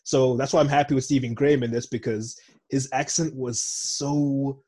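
Rambling young man, husky voice. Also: mid-range voice, steady tone, moderate pace, mellow. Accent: American. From Zimbabwe. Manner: rambling, digressive, self-correcting. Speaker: podcast co-host. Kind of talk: casual chat.

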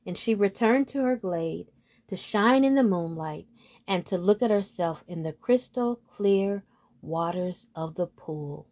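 A woman reading a storybook aloud in a gentle, soothing storyteller manner. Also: on the low side, a little slow.

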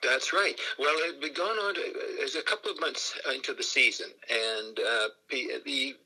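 An older man from Canada tells stories on a radio interview, acting out other people's voices as he goes. His voice is forceful and bright with a husky edge. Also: medium pitch, normal speed, low-quality recording. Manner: lively storyteller who acts out voices. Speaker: guest, fan group founder.

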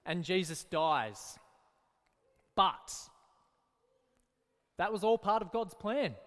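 Children's church leader, man, high voice, slow and encouraging, long hall echo. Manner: lively, encouraging, storytelling. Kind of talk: children's Bible talk.

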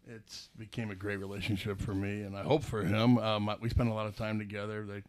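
A man's voice: fairly low pitch, little pitch movement, brisk, a little mellow, no room sound. Middle-aged man, casual guest chat, rambling, lots of restarts. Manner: rambling, laughing storyteller with many restarts. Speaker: guest, business owner.

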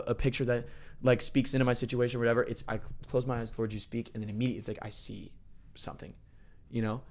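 A man in an easygoing faith conversation, talking earnestly in loose, rambling sentences full of restarts. His pitch sits in an ordinary middle range, and he gets loud and lively when a story excites him.

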